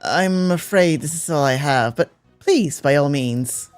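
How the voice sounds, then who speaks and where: A man reading the lines of a gentle, devoted young woman who works as a maid in a mystery game, polite and soft-spoken. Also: fairly high pitch, measured pace, dry recording, soft background music, natural voice. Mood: gracious.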